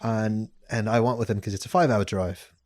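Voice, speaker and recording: A man's voice: fairly low pitch, a little fast, no echo, clean studio sound. A man casually telling a funny story on a podcast, laughing often. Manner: animated, laughing, slips into a mock British accent for quotes. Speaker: podcast host.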